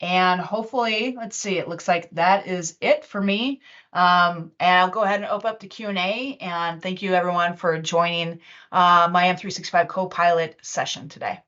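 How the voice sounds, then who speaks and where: A woman with a somewhat low voice talks through a live software demo, loose and chatty, with plenty of ums and restarts. The sound is dull and lo-fi, like an online meeting. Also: steady tone, normal speed. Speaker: webinar presenter and user group organizer. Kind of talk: casual live webinar demo.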